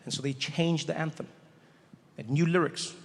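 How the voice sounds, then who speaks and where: A man with a South African accent doing a stand-up set in a theater, animated and mocking in a conversational way. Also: on the high side, normal speed, creaky, in a large hall. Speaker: stand-up comedian.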